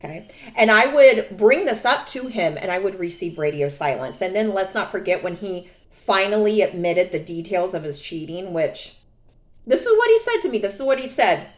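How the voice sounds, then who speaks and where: A young adult woman telling a personal story in a casual vlog, sassy and animated, often mocking others. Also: on the low side, normal speed. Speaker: vlogger.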